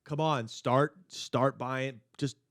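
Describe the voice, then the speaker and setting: A man's voice: mid-range voice, steady tone, slow pace, fairly bright tone, dry recording, clean studio sound. A man from Los Angeles hosting a comedy podcast, riffing brashly in crude casual chat. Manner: brash, riffing, frequent agreeing.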